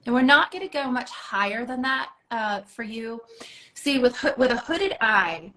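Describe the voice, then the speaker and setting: A woman's voice: on the high side, animated, moderate pace, sharp tone, poor audio. A woman leads a makeup tutorial, coaching her student through each step. She talks in an encouraging, hands-on way, with plenty of casual filler words. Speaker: makeup instructor.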